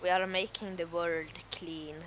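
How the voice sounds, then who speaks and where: A man's voice: a little high, level tone, measured pace, background noise. A man streaming a role-play game as a garbage collector, playful, trying on accents in slightly broken English. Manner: playful, switches between put-on accents. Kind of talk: casual role-play chat while gaming.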